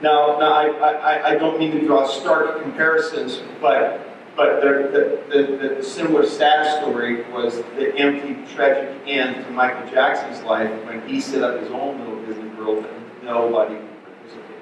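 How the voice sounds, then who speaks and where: Echoey, animated pastor preaching. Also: male voice, medium pitch, normal speed, background noise. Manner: animated storyteller with repeated restarts. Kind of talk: sermon. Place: church sanctuary. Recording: very echoey church hall, distant mic.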